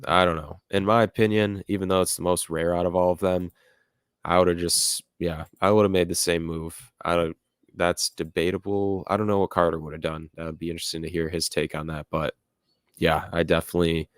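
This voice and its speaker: Low-voiced young man chatting on stream. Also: level tone, fairly quick, clean tone, dry recording, studio quality. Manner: rambling, filler-heavy, laughs at chat comments. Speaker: livestream host reading chat. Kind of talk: casual livestream chat. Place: home room with music playing nearby.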